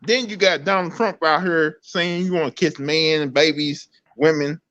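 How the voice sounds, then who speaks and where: A man's voice: fairly high pitch, normal speed, a bit bright. A man co-hosting a casual commentary chat, joking and mocking. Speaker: co-host. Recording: dull lo-fi audio.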